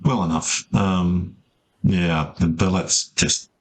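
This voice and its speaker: A man's voice: sits low, steady tone, drawn-out words, slightly rough. A man playing a tabletop game, chatting casually and thinking aloud with hesitations. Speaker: player. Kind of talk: casual role-play chat.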